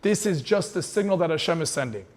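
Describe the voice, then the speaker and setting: A man's voice: fairly high pitch, animated, fast. A man giving an inspirational sermon as a rabbi, telling stories with passion and sprinkling in Hebrew terms.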